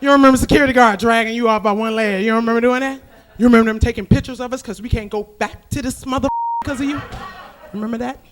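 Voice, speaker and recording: A woman performs stand-up on a club stage, loud and brash, cursing freely as she riffs. She works the room with punchy, profane crowd work into a handheld stage mic. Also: on the high side, steady tone, fast, background noise. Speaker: stand-up comedian. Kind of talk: stand-up comedy set.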